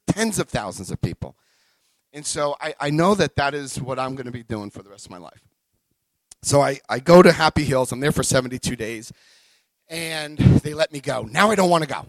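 A middle-aged man tells his own recovery story, animated and expressive, his voice sitting a little high and rising and falling widely. He acts out the moments, swinging from hushed to loud. The sound is dry and close, with no room around him. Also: dry recording, rough recording. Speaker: recovery speaker. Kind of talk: personal recovery talk.

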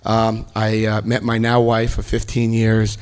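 With a clear, resonant voice on the low side, a middle-aged man gives personal testimony of his recovery to an audience, speaking a little slowly. He's an animated storyteller who performs the quotes of the people involved.

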